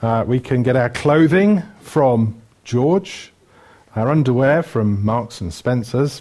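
A man's voice: mid-range voice, a little mellow. A middle-aged man from Wales, preaching a chatty sermon, joking and listing things with lots of ums. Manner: chatty and joking, lists things with many fillers.

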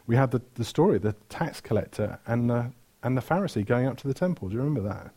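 A man's voice: medium pitch, lively intonation, quick pace, dark tone, slightly rough. A man preaching a sermon, retelling stories with energy, asking the room questions and correcting himself mid-flow.

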